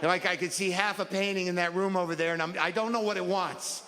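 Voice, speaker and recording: Middle-aged male comic, fretful and self-mocking, pitched high; live stage with hall echo and loud background. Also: steady tone, brisk. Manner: neurotic, self-deprecating rants with acted-out asides. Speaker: stand-up comedian. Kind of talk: stand-up comedy set. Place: stage in a comedy venue. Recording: live venue with long reverb and loud crowd noise.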